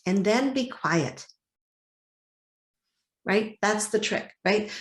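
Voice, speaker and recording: A woman coach talking in an interview, lively and often acting out little inner dialogues. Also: mid-range voice, very slow, long pauses. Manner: animated, acts out inner dialogues. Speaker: guest, body-peace coach. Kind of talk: interview conversation. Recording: echoey room.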